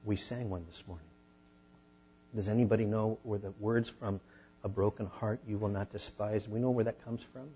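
A man preaching a sermon as a pastor, teaching a Bible passage in a conversational way and rising to animated emphasis at times. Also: on the low side, moderate pace, lo-fi sound, a little hiss or hum.

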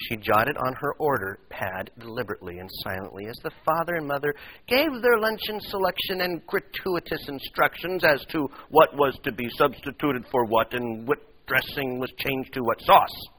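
A man preaching a sermon to his congregation, telling stories with animated voices and speaking directly to the listeners. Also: medium pitch, rough recording. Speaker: pastor.

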